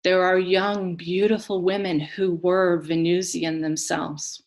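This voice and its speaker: A woman telling a myth in a slow, solemn, dramatic storytelling manner. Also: on the low side, level tone. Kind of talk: mythic storytelling.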